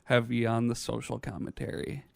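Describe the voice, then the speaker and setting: A man in his thirties co-hosting a casual podcast, chiming in with quick jokes. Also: mid-range voice, completely flat delivery, vocal fry, no echo, studio quality. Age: 30s. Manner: joking interjections. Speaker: podcast co-host.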